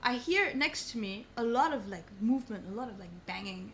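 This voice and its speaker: Animated young woman telling a story. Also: a little high, a little fast, slight background noise. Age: young adult. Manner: animated, swears a lot, says "bro" often. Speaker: podcast guest. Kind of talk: casual storytelling.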